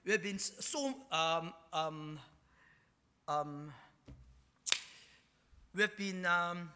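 A man preaching a sermon, often dropping to hushed asides and repeating himself while he hunts for words. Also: high-pitched, slow, long pauses, clear, resonant tone, long reverb tail. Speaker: pastor.

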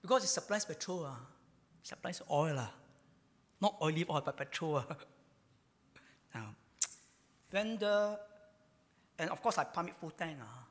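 A man's voice: on the high side, unhurried, pauses often, big-room sound. A man preaching a sermon, asking rhetorical questions and telling stories with many fillers. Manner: animated storytelling, rhetorical questions, frequent fillers.

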